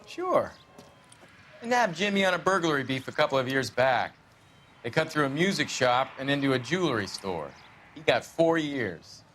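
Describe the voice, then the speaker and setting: A man's voice: mid-range voice, sing-song, moderate pace, fairly bright tone, a little hiss or hum. An actor playing a chatty veteran male police officer who recounts an old arrest wryly. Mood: recounting.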